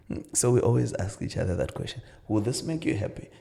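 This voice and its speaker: A middle-aged marriage counsellor and pastor, guesting on a podcast, gives marriage advice in a relaxed, casual conversation. His low voice has heavy gravelly fry and a dark, mellow tone, and he speaks fast. He tells stories earnestly, adds many "you know" asides, and acts out both sides of the dialogue.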